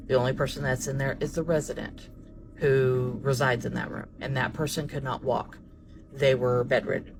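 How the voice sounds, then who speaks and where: A nurse telling about a creepy night shift in a casual, measured way, building suspense. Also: mid-range voice, background noise. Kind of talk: casual storytime. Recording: music bed under voice. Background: background music.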